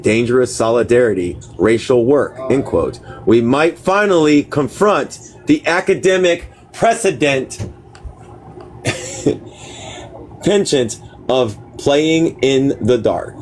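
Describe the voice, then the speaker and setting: A man hosting a livestream, reading a book aloud in a casual, halting way, stopping to puzzle over words and talking offhand to viewers. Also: medium pitch, lively intonation, a little mellow, slight background noise. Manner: talks to viewers offhand, apologetic. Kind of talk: casual live reading with chat asides.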